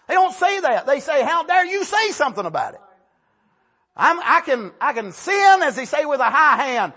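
Male preacher, high and bright, fervent sermon delivery, builds to shouts. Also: very animated. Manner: impassioned, drawn-out emphasis, rising to shouts; calls out "Amen" between points.

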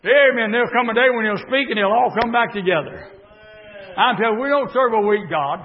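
A male preacher delivering a sermon in a church, building from steady talk into shouted bursts. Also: very high-pitched, fairly quick. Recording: dull recording in a reverberant church.

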